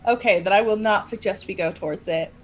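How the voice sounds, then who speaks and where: A woman taking part as a player in a tabletop game, talking in a chatty, excitable way. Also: medium pitch, fast talker, slight background noise. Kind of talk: playing a character in a tabletop game.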